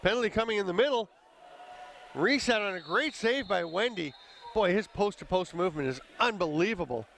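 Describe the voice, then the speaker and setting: Man, play-by-play commentator, bright tense voice, slightly high, faint outdoor hum behind. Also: lively intonation, vocal fry. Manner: brisk, conversational play-calling with chuckles. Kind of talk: live sports commentary.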